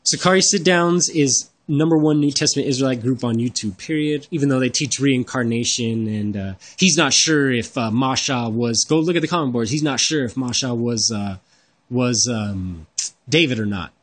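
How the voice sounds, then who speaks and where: A man's voice: mid-range voice, normal speed. Profane, exasperated man ranting. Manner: profane, rambling, exasperated, repeats himself. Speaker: religious YouTube commentator. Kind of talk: heated reaction rant over screen-shared videos.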